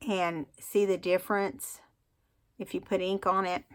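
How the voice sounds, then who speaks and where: A woman's voice: medium pitch, little pitch movement, smooth. A woman hosting a craft tutorial, talking casually and rambling as she demonstrates. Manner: chatty, rambling, self-admittedly unhurried.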